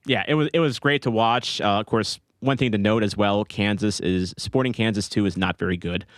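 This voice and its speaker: A man's voice: on the low side, brisk, no room sound, studio quality. A man co-hosting a casual sports podcast, recapping a match play by play with lots of fillers. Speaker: podcast co-host.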